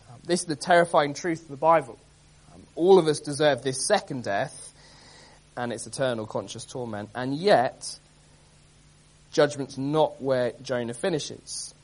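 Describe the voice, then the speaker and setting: A man preaching an expository sermon, earnest and emphatic, reading scripture aloud with dramatic stress and often pausing with um and uh. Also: mid-range voice. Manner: earnest, emphatic, many ums and uhs.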